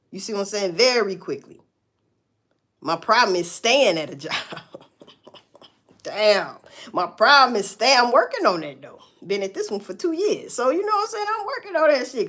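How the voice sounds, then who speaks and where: Blunt, lively woman streamer. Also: medium pitch. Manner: blunt, profane, preachy, talks straight to viewers. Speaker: social media commentator. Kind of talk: casual live-stream commentary.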